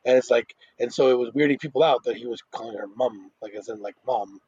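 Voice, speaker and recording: Give me a husky man rambling in casual chat, halting and restarting, with a dry, dull sound. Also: medium pitch, darkish tone, no room sound.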